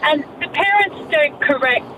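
A woman's voice: high voice, measured pace, far from the mic, noisy background. A woman, a nanny, calling a radio show, indignant and filling her speech with "like". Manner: indignant, says "like" a lot. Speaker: caller, nanny. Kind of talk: phone-in chat.

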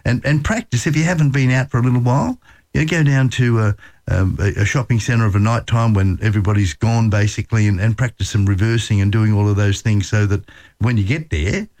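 A man's voice: fairly low pitch, a little fast, darkish tone. A man with an Australian accent hosting a radio show, giving travel tips in a chatty, folksy way and often repeating words. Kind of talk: casual radio advice talk.

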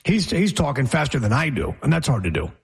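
A man hosting a sports talk show, chatting casually and running through the schedule with animated, opinionated commentary. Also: medium pitch, brisk, gravelly, husky. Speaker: sports radio host.

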